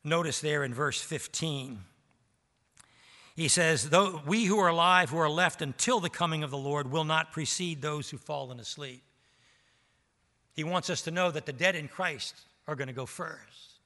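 High, bright-voiced preacher man in a reverberant hall. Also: moderate pace. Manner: preaching with rising emphasis and rhetorical questions. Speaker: pastor. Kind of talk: sermon.

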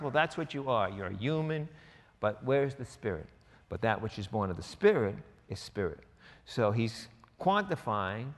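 A man preaching a sermon as pastor, emphatic and conversational, slipping into quoted asides. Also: medium pitch. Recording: reverberant hall.

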